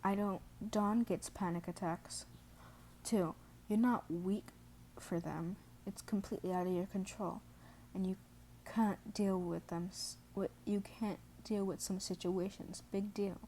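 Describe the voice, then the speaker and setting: A hot-headed young turtle guy with a gruff edge, read by a woman. He comes in mellow but raised and loud, then drops to a soft hush. Faint hiss behind him. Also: mid-range voice, fairly even intonation, a little slow, close to an everyday voice. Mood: soothing. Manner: shouting, then hushed and gentle.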